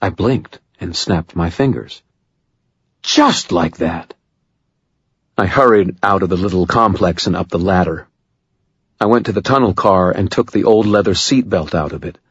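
A man narrating a first-person audiobook in a measured, low-key way. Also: slightly rough, no echo, lo-fi sound.

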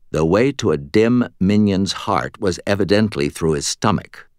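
A man reading a first-person story for an audiobook in a measured, expressive way, close to the mic. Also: sits low, no room sound. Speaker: audiobook narrator.

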